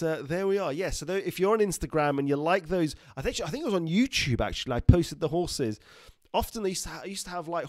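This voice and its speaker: A middle-aged doctor on a casual livestream talks loosely, reads viewers' comments aloud, laughs often and slips into joke accents. The fairly high, slightly mellow voice comes through clean, dry studio sound.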